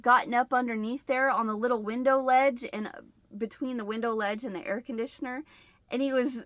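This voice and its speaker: A woman hosting her own vlog, telling a story casually and acting out her own shouts and gasps. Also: a little high, dry recording. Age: adult with a husband. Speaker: channel host.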